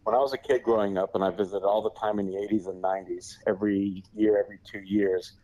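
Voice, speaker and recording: A man's voice: fairly low pitch, steady tone, fast talker, warm tone, muffled recording. A middle-aged man, born in Australia but raised in America, chatting upbeat and laid-back as a guest reporter on a podcast. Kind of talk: casual podcast chat.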